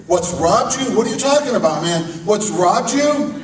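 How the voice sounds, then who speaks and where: A man, a pastor, preaching a sermon with call-and-response, swinging from loud outbursts to hushed questions. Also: sits high, lively intonation, moderate pace. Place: church chapel. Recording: echoey room picked up from a distance.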